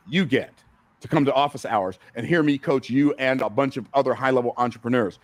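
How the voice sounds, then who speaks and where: A man's voice: mid-range voice, no room sound. A man coaching a live room in seminar style, hammering his points home with repeated phrases and questions to the crowd. His voice sits mid-range and sounds close and dry, with no room ring. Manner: emphatic, repeats key phrases, asks the audience questions. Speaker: business coach speaking on stage. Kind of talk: seminar teaching talk. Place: event room with a live audience.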